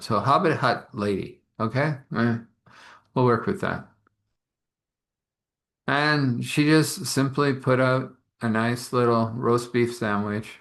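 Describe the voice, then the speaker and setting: A man's voice: medium pitch, a bit bright. A man narrating an improvised story in a casual, rambling way, full of chatty asides.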